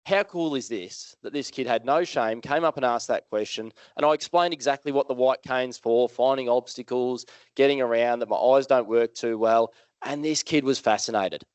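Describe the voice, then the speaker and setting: An Australian man speaks to a live audience in a smooth, resonant voice at an ordinary middle pitch. He tells his story in a casual, lively way and keeps turning questions back to the crowd. The sound is dry and close, with almost no room echo. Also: moderate pace, few pauses. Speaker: motivational speaker. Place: live event hall with audience.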